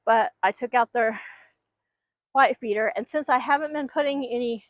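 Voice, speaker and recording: A woman's voice: fairly high pitch, normal speed, no echo. A woman keeping backyard chickens, chatting casually and rambling while she talks to her hens outdoors on a microphone. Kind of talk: casual vlog chat.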